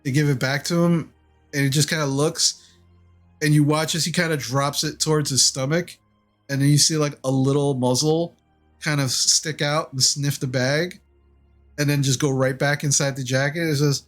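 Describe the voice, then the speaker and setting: A man narrating as game master of a tabletop game, relaxed with many fillers. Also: on the high side, normal speed, faint music behind.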